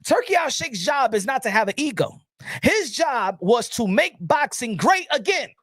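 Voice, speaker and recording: A man giving opinionated boxing commentary. He talks in heated, profane bursts, repeats words, and rises to shouting. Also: extremely high pitch, sing-song, moderate pace, dry recording.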